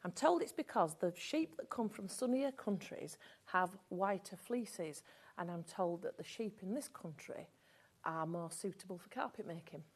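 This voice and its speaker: A woman's voice: lowish voice, animated, normal speed, slightly rough. Yorkshire woman explaining sewing fabrics. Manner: warm, explanatory, hedging. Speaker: sewing show presenter. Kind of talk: live shopping chat.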